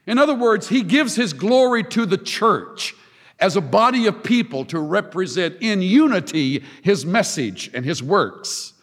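Male preacher, higher voice, swooping lively delivery, deliberate pauses; long hall reverb. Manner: emphatic, dramatic pauses and repetition. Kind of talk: sermon.

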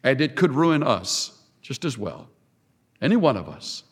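A man delivering a sermon with a lively, rising and falling voice that sits a little high for a man. He speaks slowly and deliberately, pressing hard on key words. His voice rings out with a long reverb, as in a large hall. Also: husky. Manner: emphatic, swings between hushed and ringing. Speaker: preacher.

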